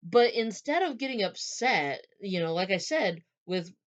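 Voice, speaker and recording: A woman's voice: medium pitch, lively intonation, measured pace, muffled recording. A woman casually talking through a novel's characters, rambling with many fillers and restarts. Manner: rambling, many fillers and restarts, retells scenes in quoted voices. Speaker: book reviewer. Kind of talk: casual book talk.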